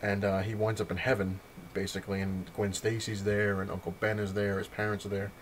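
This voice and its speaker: Rambling low-voiced guy recapping comics. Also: level tone, brisk, slight background noise. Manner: rambling, self-correcting, swears freely. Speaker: comic collector reviewing his haul. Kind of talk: casual vlog recap.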